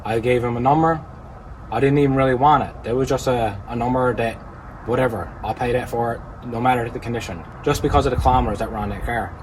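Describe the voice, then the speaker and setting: A plain-spoken man with a Newfoundland accent, chatting easily about his car projects in a vlog. His dry humour comes through in a voice of ordinary pitch, with faint ambient and vehicle noise behind him. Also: fast talker, poor audio. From Newfoundland, Canada. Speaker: car-flipping YouTuber. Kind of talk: casual vlog talk.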